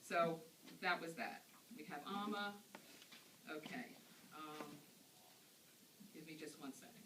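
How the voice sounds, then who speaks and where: A woman with a low, slow voice gives a funeral eulogy in a service hall, sharing anecdotes conversationally. The recording is noisy and echoey, with her far from the mic.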